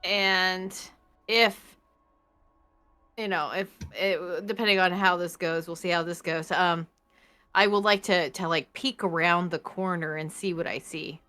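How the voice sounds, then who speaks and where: A woman playing a tabletop game, speaking hesitantly with many pauses and fillers. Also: fairly low pitch, steady tone, sharp tone. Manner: hesitant, many ums and uhs. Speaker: player. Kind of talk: casual tabletop play.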